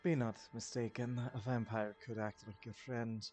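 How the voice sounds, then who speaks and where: A man's voice: mid-range voice, flat delivery, moderate pace, a little mellow, soft background music, natural voice. A man doing a grave, formal informant. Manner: archaic, grave phrasing.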